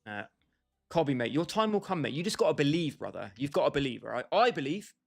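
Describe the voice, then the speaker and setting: A man's voice: fairly high pitch, sing-song, quick pace, vocal fry, faint music behind. A young man livestreaming a football game, bantering and joking with his chat and calling viewers by name. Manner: bantering, jokey, talks straight to chat by name. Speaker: gaming livestreamer.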